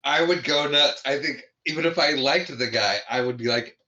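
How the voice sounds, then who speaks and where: Bright-voiced man recapping a movie. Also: mid-range voice, moderate pace, muffled recording. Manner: laughs often while recounting scenes. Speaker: podcast co-host. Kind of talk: casual movie recap chat.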